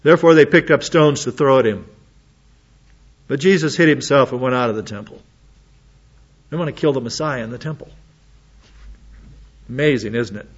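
A man's voice: medium pitch, breathy edge, dull audio. A man preaching a sermon, reading Bible passages aloud and breaking in with casual, plain-spoken comments. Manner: reads scripture aloud then adds quick casual asides.

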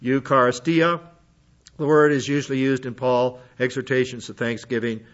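A man's voice: mid-range voice, fairly even intonation, normal speed, highs cut off. A man teaching a Bible lesson in sermon style, working through word studies with frequent restarts. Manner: methodical, works through Greek word lists with restarts.

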